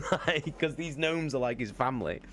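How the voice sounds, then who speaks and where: A man's voice: mid-range voice, lively intonation, normal speed, fairly bright tone. A man streaming live, casually telling a tabletop game story, swearing constantly and laughing often.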